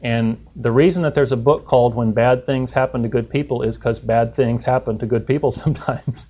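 A man's voice: medium pitch, steady tone, fairly quick, warm tone. A man preaching a sermon in a conversational way, putting rhetorical questions to his listeners. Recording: dull lo-fi recording.

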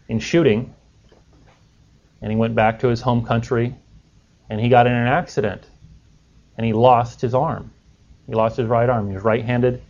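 A man's voice: mid-range voice, darkish tone. A man preaching a sermon in a conversational way, putting rhetorical questions to his listeners. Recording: dull lo-fi recording.

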